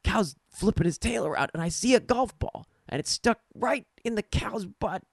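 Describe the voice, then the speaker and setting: Chatty joke golfer with a lifted voice, animated telling, done by a man. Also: high voice, normal speed, vocal fry, no room sound, studio quality, pitched above the performer's own voice, heavily acted. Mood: storytelling. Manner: animated storytelling. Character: adult male golfer spinning a long tale.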